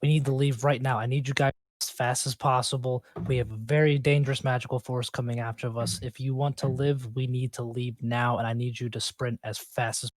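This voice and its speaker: A man's voice: medium pitch, level tone, fairly quick, few pauses, dry recording, natural voice. Brief: urgent elf ranger, a man's own voice, dry close sound. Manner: urgent, commanding.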